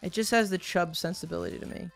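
A woman's voice: fairly low pitch, fast, gravelly, soft background music. Playful woman narrating her gameplay. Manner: playful, jokey, chatting to viewers. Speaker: gaming video host. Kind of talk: casual gameplay commentary.

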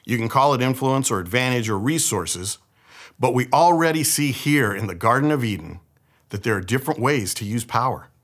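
A man's voice: mid-range voice, lively intonation, normal speed, fairly bright tone. A man from the San Francisco Bay Area preaching a sermon as pastor, telling a story in a conversational, humorous way.

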